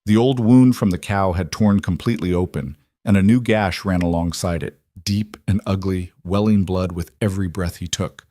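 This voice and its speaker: Low-voiced man narrating a western story. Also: moderate pace, hardly any pauses, warm tone, dry recording, clean studio sound.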